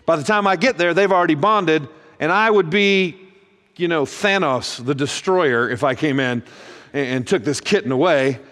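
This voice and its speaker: A middle-aged man, a pastor, telling funny stories in a sermon with a deadpan, self-mocking delivery, acting out both sides of conversations. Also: a little high, moderate pace. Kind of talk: humorous sermon storytelling. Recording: long reverb of a large hall.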